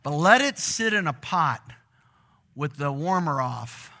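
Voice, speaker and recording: A middle-aged pastor preaches a sermon to his church congregation, animated and often posing questions to them. His voice is on the high side, with a measured pace.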